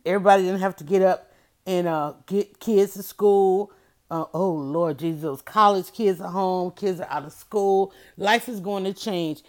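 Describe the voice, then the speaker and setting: A middle-aged woman hosting a motivational livestream, speaking in an animated, preachy way and often telling listeners to write things down. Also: mid-range voice, normal speed. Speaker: livestream host.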